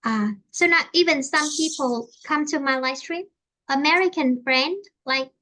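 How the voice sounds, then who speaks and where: A Vietnamese-accented woman teaching English online with a high, bright, forceful voice. She speaks haltingly, repeating and rephrasing her points as she explains.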